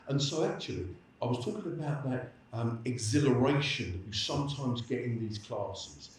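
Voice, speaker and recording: A man's voice: medium pitch, animated, normal speed, hardly any pauses, a little mellow, slight background noise. A man giving a lecture and answering questions in a chatty, anecdotal way, with many restarts. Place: lecture hall. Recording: echoey hall, distant mic.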